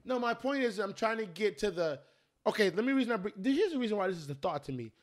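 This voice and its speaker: A man's voice: high-pitched, fast. A young man hosting a podcast, rambling and swearing casually as he tells stories, after a few drinks. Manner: rambling, profane, restarts often, animated storytelling. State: has been drinking. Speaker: podcast host. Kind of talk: casual chat.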